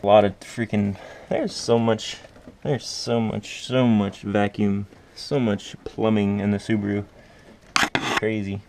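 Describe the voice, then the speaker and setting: A man's voice: on the low side, flat delivery, takes it slowly, noisy background. A man talking casually through a car part install, muttering to himself and swearing while he works under the car. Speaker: car DIY vlogger.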